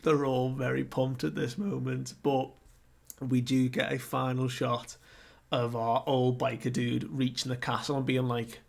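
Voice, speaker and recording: A man chatting casually through a manga chapter recap. His voice is gravelly and his delivery unhurried. He laughs often and keeps the retelling animated. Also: mid-range voice. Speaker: manga reviewer. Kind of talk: casual recap with acted quotes.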